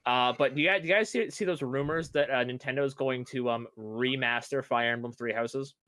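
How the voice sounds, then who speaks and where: A man's voice: medium pitch, brisk, a bit bright, dry recording. A man co-hosting a casual gaming podcast, hesitant and restarting often. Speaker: podcast co-host.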